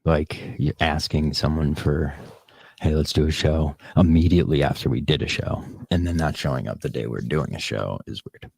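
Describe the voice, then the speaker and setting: A man's voice: a bass voice, moderate pace, gravelly, darkish tone, husky, dry recording. A podcast host on a casual live stream, rambling and swearing as he talks back to the chat comments.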